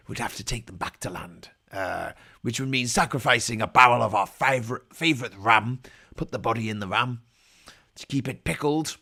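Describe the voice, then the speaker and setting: Gravelly man hamming up pirate talk. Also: mid-range voice, animated, moderate pace, pushed and bright. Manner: jokey pirate-talk persona, growling "yar" and "aye"; rambling, irreverent asides. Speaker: livestream host. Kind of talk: live-stream commentary.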